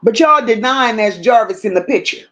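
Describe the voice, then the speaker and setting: Blunt, high-voiced woman livestream host. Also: animated, normal speed, a bit bright, lo-fi sound. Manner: blunt, emphatic, greets viewers by name. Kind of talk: casual livestream commentary reading chat.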